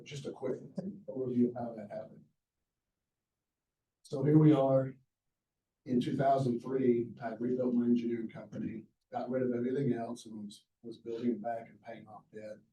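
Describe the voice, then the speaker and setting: A man's voice: medium pitch, warm tone. A middle-aged man giving a masterclass talk, telling his story in a folksy way and acting out the lines people said to him. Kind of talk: storytelling lecture to a live audience. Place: lecture hall. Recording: echoey hall, mic at a distance.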